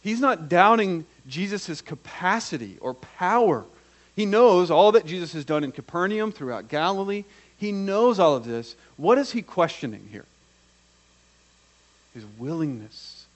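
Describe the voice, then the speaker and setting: A man preaching a sermon, acting out quoted voices and swinging from hushed to loud. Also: high voice, sing-song, a little slow. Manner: dramatic, acts out the quoted voices.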